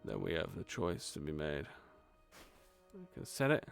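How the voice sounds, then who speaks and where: A man's voice: low-pitched, wildly swooping pitch, unhurried, creaky, faint music behind. A man, a gaming streamer, reading a horror visual novel aloud with casual, swearing asides.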